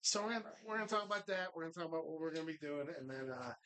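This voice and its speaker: A man's voice: a little high, animated, very fast, sharp tone, clear, resonant tone, rough recording. A man hosting a live show from a bar, joking loosely and swearing through sponsor plugs. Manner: profane, jokey, reads sponsor plugs with mock voices. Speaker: host. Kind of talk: casual bar-show banter.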